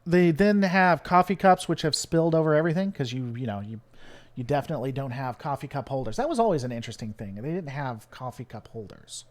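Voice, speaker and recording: A man's voice: mid-range voice, quick pace. A man from the United States hosting his channel, rambling and joking with lots of fillers in casual live-stream commentary. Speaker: channel host.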